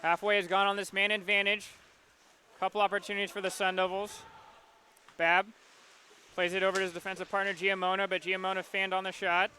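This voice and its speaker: A man calling a hockey game play-by-play, his voice high and bright. He rattles off each pass and shot in a steady, level tone, with faint arena noise behind him. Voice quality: quick, rhythmic calling of the action. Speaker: play-by-play announcer. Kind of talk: live hockey play-by-play commentary.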